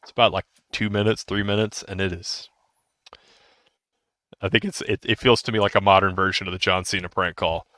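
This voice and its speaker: This podcast co-host, a man in his thirties, has a low, steady voice that comes across pushed and bright at a fairly quick pace. He rambles casually, restarting sentences and laughing, in a dry, clean studio recording.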